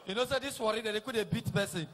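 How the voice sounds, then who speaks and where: A middle-aged Nigerian man with a Nigerian Pidgin accent, doing a teasing stand-up routine that repeats lines and shouts punchlines. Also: sits high, quick pace, a little hiss or hum. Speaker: stand-up comedian. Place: live comedy stage.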